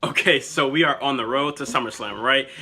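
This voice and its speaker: A young man vlogging in a casual, excitable and profane way, rambling as he spins made-up storylines. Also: medium pitch, fairly quick, creaky, a little hiss or hum. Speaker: wrestling vlogger. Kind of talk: casual chat.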